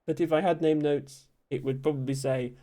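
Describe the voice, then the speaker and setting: Mellow man chatting on stream. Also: fairly high pitch, steady tone, normal speed. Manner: reads out chat, thanks viewers, many ums and soft laughs. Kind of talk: casual live-stream chat.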